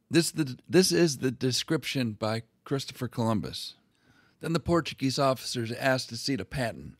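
A man's voice: medium pitch, sing-song, moderate pace, no echo. A man hosting a history video, retelling old documents in a casual, crude and irreverent way.

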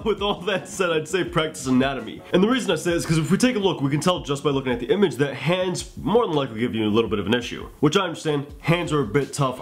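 A man's voice: a little high, animated, fast talker, few pauses. Chatty man giving art critiques. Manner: chatty, joking, profane asides. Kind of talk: casual art critique commentary.

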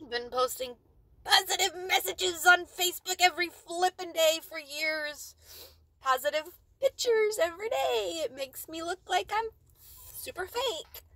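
High-voiced tearful woman vlogging. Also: fairly bright tone, no echo. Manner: emotional, repeats herself, cries and self-soothes. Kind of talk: unscripted personal video diary.

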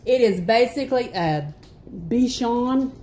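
A Southern-accented woman rants straight to her viewers in a casual vlog. Her pitch swings widely as she jumps into exclamations. Her tone stays mellow and a bit dark. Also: takes it slowly, slight background noise. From North Carolina. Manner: animated, exclamatory, swings into high outbursts. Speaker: vlogger. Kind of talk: casual ranting monologue.

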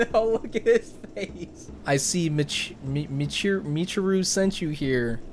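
A man's voice: sits high, takes it slowly, a little mellow, slight background noise. A young man giving jumpy, laughing, slang-filled commentary while playing a horror game. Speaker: gaming YouTuber.

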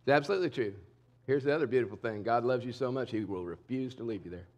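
Middle-aged male pastor, mid-pitched voice, conversational sermon delivery, candid and emphatic. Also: fast talker, muffled recording. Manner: conversational, candid preaching that swings between loud and hushed. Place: church sanctuary.

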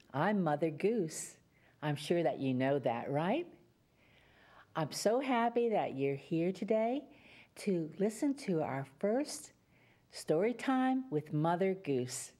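A woman reads a children's story aloud at an unhurried pace. Her pitch rises and dips in a lively, sing-song way as she leads the little listeners through rounds of animal sounds. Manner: animal sounds and call-and-response. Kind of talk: reading a picture book aloud to children.

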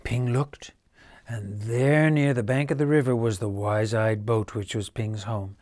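A man reads a children's bedtime story aloud in a gentle, measured way. His voice sits at a middle pitch, and he drops to a near whisper at the quiet moments. The recording is dry and close, with no room sound. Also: steady tone, no echo.

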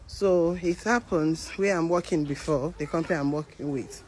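A Nigerian woman speaking Nigerian Pidgin, telling a story to camera in a lively way and acting out the voices of the people in it. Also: sits low, moderate pace, poor audio. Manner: animated, acts out the voices of others. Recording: outdoor traffic noise behind.

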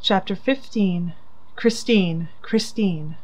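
A woman reads a classic novel aloud with an earnest, dramatic audiobook delivery. Her voice has an ordinary middle pitch and a plain, unremarkable tone. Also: slow pace, a little mellow, dull audio. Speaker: audiobook narrator. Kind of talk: scripted narration.

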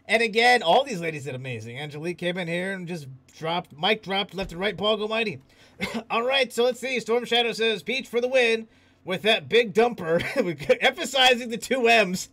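A man's voice: high-pitched, expressive, normal speed, fairly bright tone. A man hosting a livestream, chatting casually, reading the chat aloud and laughing often. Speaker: host.

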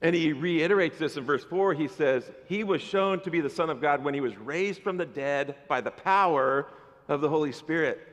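A man preaching a sermon as pastor, animated and conversational, with playful asides to the congregation. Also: on the high side, normal speed, in a large hall. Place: church sanctuary.

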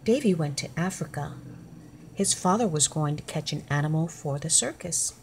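A woman reading a children's picture book aloud in a clear, deliberate way. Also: sits low, lively intonation, a little hiss or hum. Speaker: storybook reader.

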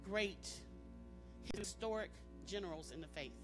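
Over loud music, a woman with a medium-pitched voice preaches a little slowly at a church service. She drives her points home emphatically, repeats phrases, and prompts the congregation to respond.

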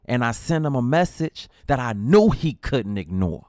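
A man's voice: medium pitch, big pitch swings, moderate pace, darkish tone, no echo, studio quality. A man with a Chicago accent narrating a comedic first-person story with lots of slang and drama. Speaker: storyteller in a skit video.

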